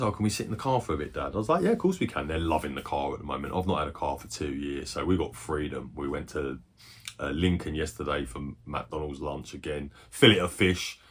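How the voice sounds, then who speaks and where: A retro game collector in his forties chats casually in a low voice with a breathy edge. He rambles through stories, swears freely and erupts in quick bursts of excitement.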